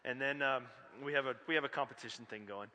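Pastor guy preaching, chatty storyteller, sharp bright voice, big echo of a church hall. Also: mid-range voice, fast. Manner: conversational, animated storytelling with asides. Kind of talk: sermon with storytelling. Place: church sanctuary. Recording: long reverb of a large church hall.

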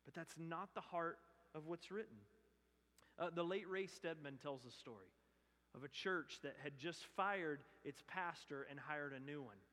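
A man's voice: fairly high pitch, measured pace. Impassioned male pastor in a reverberant church. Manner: impassioned, swings from loud emphatic to hushed earnest. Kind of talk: sermon. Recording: long hall reverb.

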